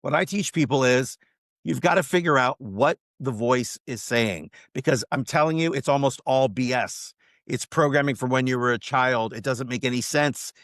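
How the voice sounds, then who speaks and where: A man speaking as a podcast guest, teaching mindset in an emphatic, animated motivational way. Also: mid-range voice, moderate pace, dry recording, clean studio sound. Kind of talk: casual podcast interview.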